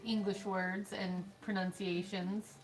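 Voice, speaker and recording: Teasing, quick-laughing woman on a stream. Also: medium pitch, level tone, rough recording. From United States. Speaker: livestream co-host. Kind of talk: casual banter on a livestream. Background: faint game music.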